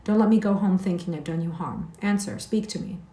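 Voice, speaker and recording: A woman's voice: lowish voice, fairly quick, dark tone, recorded from a distance, lightly acted. A woman playing a fiery young girl. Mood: pleading. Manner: pert, emphatic. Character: spirited, hot-tempered young girl. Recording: echoey room.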